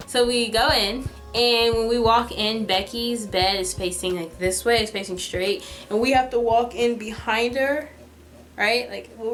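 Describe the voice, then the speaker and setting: A woman's voice: mid-range voice, a bit bright. Young woman, casual storytime vlog, chatty, dramatic, says "like" a lot, faint music in the background. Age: young adult. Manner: chatty, dramatic, heavy use of "like". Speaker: vlogger telling a story.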